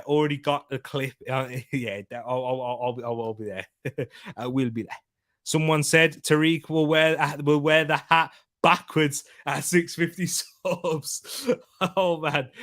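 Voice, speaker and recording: A man's voice: fairly high pitch, fairly bright tone, dry recording, clean studio sound. A man co-hosting a football preview stream, chatting casually with viewers, laughing often and tripping over repeated words. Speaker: football preview show co-host.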